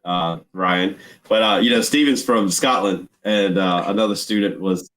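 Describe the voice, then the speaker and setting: A man's voice: sits low, normal speed, fairly bright tone. A man co-hosting a podcast, chiming in with dry quips and short anecdotes. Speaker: podcast co-host. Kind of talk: casual chat.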